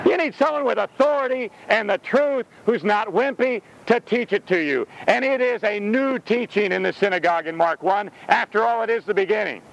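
A man's voice: sits high, moderate pace, creaky, lo-fi sound, a little hiss or hum. A man preaching an intense, exclaiming sermon, laughing now and then between points. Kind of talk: fiery sermon.

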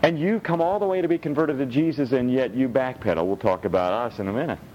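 A male pastor preaching a sermon, blunt and animated, swinging between high and low. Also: fast. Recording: dull lo-fi with faint rumble.

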